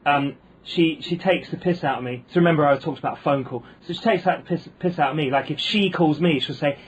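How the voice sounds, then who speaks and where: A man's voice: on the high side, brisk, slightly rough, rough recording. A man with a posh British accent, a comedian guest telling wry anecdotes in casual chat, full of ums and restarts. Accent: posh British English.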